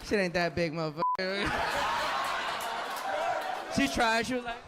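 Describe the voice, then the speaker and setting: Brash high-voiced comedian roasting the crowd. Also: male voice, expressive, unhurried. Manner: brash, profane, teasing. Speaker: comedian doing crowd work. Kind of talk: live stand-up crowd work. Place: comedy venue with audience. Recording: live club, loud crowd and noise.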